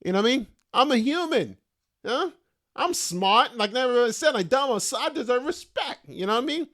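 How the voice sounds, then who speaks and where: At normal speed, a middle-aged stand-up comic hosting his own podcast speaks in a very high-pitched, expressive, slightly bright voice. He rambles loosely in slang and turns the jokes on himself.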